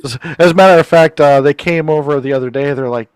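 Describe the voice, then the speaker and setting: A man's voice: fairly high pitch, fast talker, few pauses, smooth, no echo, studio quality. A man in his forties hosting a radio interview, telling rambling stories with laughs and the odd curse. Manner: rambling storyteller, laughs often, swears freely. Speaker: radio show host. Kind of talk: casual interview chat. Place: studio.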